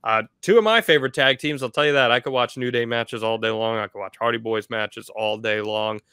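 A man co-hosting a podcast, chatting in a lively, jokey way and reading out the results. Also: medium pitch, fairly quick, clear, resonant tone, no echo, clean studio sound. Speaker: podcast co-host. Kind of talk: casual chat.

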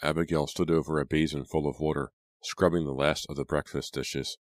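A man narrating a horror audiobook in a measured storytelling manner. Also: rumbling low, little pitch movement, dry recording. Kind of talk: scripted narration.

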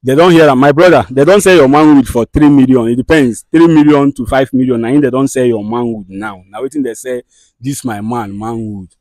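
A man with a Nigerian accent who hosts a comedy skit, scolding and soothing people in fast, direct talk. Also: mid-range voice, a little mellow, dry recording, clean studio sound. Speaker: skit host and mediator.

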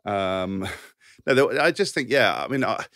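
Low-voiced man telling rambling stories. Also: sing-song, a little slow, a bit bright, dry recording, clean studio sound. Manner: rambling, laughing storyteller with frequent restarts. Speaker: podcast co-host. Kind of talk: casual chat, anecdote telling.

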